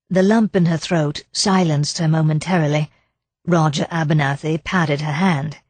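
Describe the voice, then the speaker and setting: A woman reads a mystery audiobook in a measured, expressive style. Her voice is low-pitched and husky, and the recording sounds close and dry with no room echo. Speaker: audiobook narrator. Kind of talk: scripted narration.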